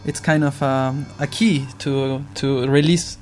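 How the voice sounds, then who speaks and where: A man's voice: medium pitch, fairly even intonation, slow, soft background music. A musician chatting casually and earnestly, searching for his words and asking rhetorical questions. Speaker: musician in conversation. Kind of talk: casual reflective chat.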